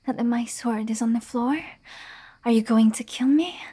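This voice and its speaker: A woman's voice: fairly high pitch, moderate pace, mellow, husky. A young woman playing a defiant, haughty noblewoman with a sword in a whispered role-play. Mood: indignant. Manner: haughty, demanding.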